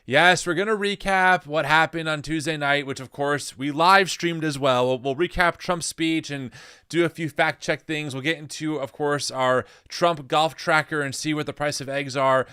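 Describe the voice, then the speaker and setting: A man's voice: on the high side, steady tone, normal speed, bright, forceful tone, smooth, dry recording, clean studio sound. A man co-hosting a podcast in casual, joking chat, laughing often. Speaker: podcast co-host.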